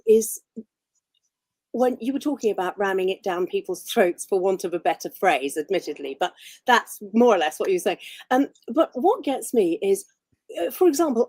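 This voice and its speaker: A woman's voice: on the high side, warm tone, no echo. A woman from England with an English accent, a guest on a talk show, chatty and wry. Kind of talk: casual chat.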